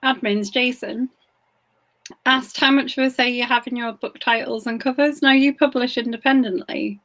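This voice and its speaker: A woman's voice: on the high side, steady tone, normal speed, fairly bright tone. A woman interviewing an author in a casual way, reading out questions from the audience. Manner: conversational, reads out audience questions. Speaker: book club interviewer.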